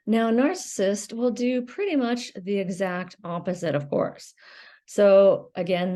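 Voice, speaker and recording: Speaking in a lowish, slightly mellow voice, a woman who makes videos about emotional recovery delivers an unscripted educational talk for her channel. Her explanation is loose and conversational, and she hunts for her words along the way.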